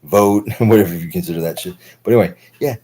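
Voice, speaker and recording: A man's voice: low voice, quick pace, warm tone, breathy edge, low-quality recording. A man in his thirties talking through a long, profane, rambling monologue for his stream, full of filler words. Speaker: livestream host.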